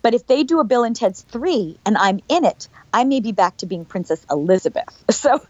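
A woman's voice: on the high side, a little fast, no room sound. Actress guest on an interview show: chatty woman with restarts, recorded dry and lo-fi. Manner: chatty storyteller, animated, lots of restarts. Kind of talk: casual interview chat.

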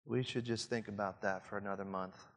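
A man with a Southern Indiana accent preaching a reflective sermon to pastors, often dropping to a soft hush to stress a point. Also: on the low side, steady tone, a little fast. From Southern Indiana, USA. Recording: long hall reverb.

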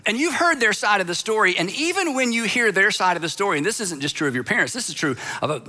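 A man delivers a sermon in an easy, conversational way, leaning on emphasis and slipping into little acted-out quotes. His voice sits high for a man and has a bright, forward edge. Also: expressive, quick pace. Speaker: pastor.

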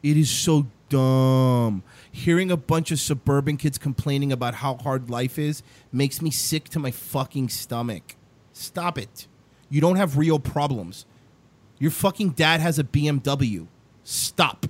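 A man's voice: mid-range voice, unhurried. A young adult man hosting a casual talk show, ranting emphatically and swearing often. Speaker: show host.

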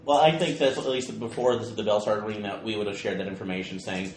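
A man playing a tabletop game, excitable and given to blurted outbursts. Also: lowish voice, quick pace. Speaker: player. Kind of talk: casual tabletop game chat. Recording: echoey room with faint noise.

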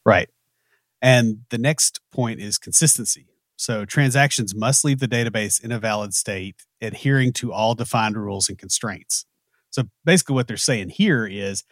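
A man's voice: mid-range voice, moderate pace, no echo. A man with a Southern US accent, co-hosting a casual technical talk with dry joking asides. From American South. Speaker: podcast co-host.

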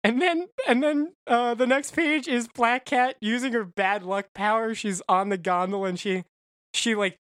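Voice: medium pitch, fairly even intonation, normal speed, fairly bright tone, no room sound, studio quality. A podcast co-host casually recapping a comic book, rambling with fillers and frequent laughs.

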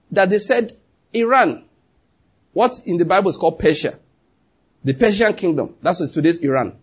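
A man's voice: high-pitched, breathy edge. A man preaching a sermon as pastor, emphatic, often throwing questions to the congregation.

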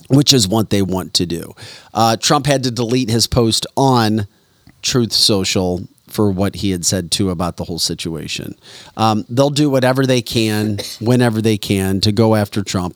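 Low-voiced male podcast host. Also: no room sound, clean studio sound. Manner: talks it through with many "um" fillers. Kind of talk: political commentary.

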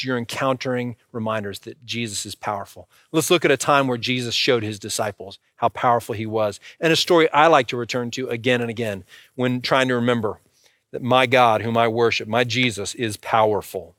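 A man's voice: mid-range voice, fairly bright tone, dry recording, studio quality. A man preaching a sermon in a conversational way and speaking directly to the congregation. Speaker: pastor.

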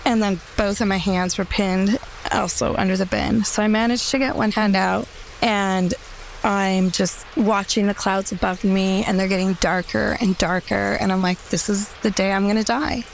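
A woman with a gravelly, fry-laced voice at a middle pitch recounts a mishap of her own. She tells it wryly and pokes fun at herself, taking her time. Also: fairly even intonation, a little hiss or hum, poor audio. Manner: wry, self-mocking, unhurried. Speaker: listener telling a story. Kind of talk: casual personal storytelling.

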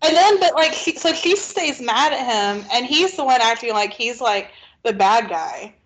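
A woman's voice: on the high side, animated, normal speed, fairly bright tone, poor audio. A woman co-hosting a podcast, chatting casually with hesitant restarts and agreeable replies. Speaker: podcast co-host. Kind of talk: casual chat.

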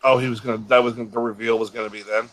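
A man's voice: mid-range voice, little pitch movement, very fast, fairly bright tone, rough recording. A man on a casual podcast, dry and dismissive, swearing casually as he talks. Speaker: podcast co-host or guest.

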